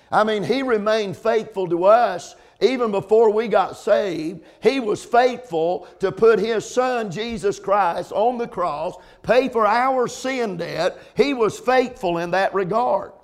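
The speaker is a middle-aged male pastor preaching a sermon, his voice sitting high with lively intonation. He repeats words, says "amen" often, and slows to stress ideas before climbing to loud peaks.

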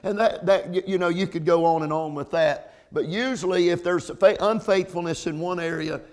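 In this sermon, a middle-aged male pastor with a high voice keeps repeating words and dropping in "amen." He lets his delivery slow to stress a point, then swells to loud peaks.

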